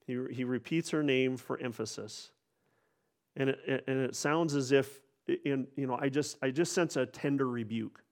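Man, preacher, earnest sermon delivery, repeats words, mid-pitched voice. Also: moderate pace.

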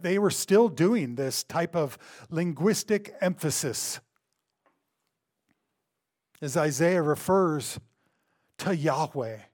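A pastor preaching a sermon who stresses points by repeating words and swings between loud bursts and hushed asides. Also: male voice, fairly high pitch.

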